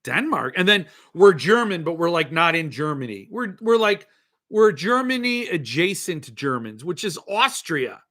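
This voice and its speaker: A man's voice: a little high, big pitch swings, unhurried, bright, forceful tone. A middle-aged man hosting a podcast, chatting casually in a rambling, jokey, self-mocking way. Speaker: podcast host. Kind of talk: casual chat.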